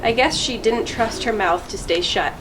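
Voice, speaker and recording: A woman's voice: fairly high pitch, normal speed, background noise. Woman reading a children's chapter book. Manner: clear, steady read-aloud storytelling. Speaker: school deputy reading aloud.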